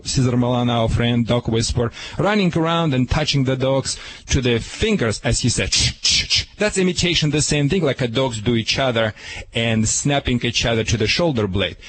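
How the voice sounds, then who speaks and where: A man with a foreign accent giving dog training advice on a radio show, emphatic and demonstrative, barking out sharp commands. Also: medium pitch, low-quality recording. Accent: foreign accent in English. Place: radio studio.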